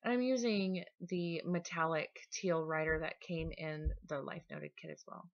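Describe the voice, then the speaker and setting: Lady chatting thru her scrapbook process, relaxed, kinda low voice, dull audio. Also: moderate pace, gravelly. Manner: chatty, relaxed, with small restarts. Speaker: scrapbooking vlogger. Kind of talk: casual process voice-over.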